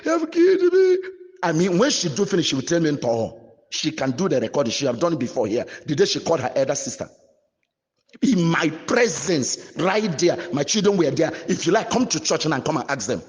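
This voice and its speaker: Aggrieved Nigerian man, husky and echoey. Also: on the high side, animated, fairly quick. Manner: aggrieved, pleading, repeats himself. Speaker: bishop. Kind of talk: emotional complaint to a gathering.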